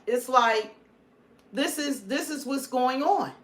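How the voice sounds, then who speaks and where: A woman's voice: high voice, slow pace, fairly bright tone. A woman hosting a political commentary livestream, talking emphatically and repeating her points. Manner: emphatic, repetitive, preachy. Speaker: livestream host.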